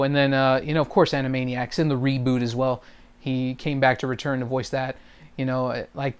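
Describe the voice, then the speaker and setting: A man's voice: medium pitch, smooth. A man talking casually about voice acting and impressions, rambling with many fillers. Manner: rambling, full of fillers and trailing phrases. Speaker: hobby voice actor. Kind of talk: casual vlog talk.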